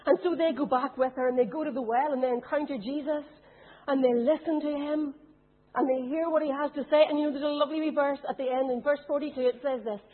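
A woman's voice: sits high, fairly even intonation, fast talker. A woman preaching a sermon, putting questions to her congregation. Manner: asks the congregation rhetorical questions. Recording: tinny phone-like sound.

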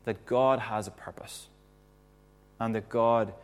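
A man preaching a sermon in an earnest, reflective way, often dropping to a soft hush to make a point. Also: fairly low pitch, fairly even intonation, takes it slowly.

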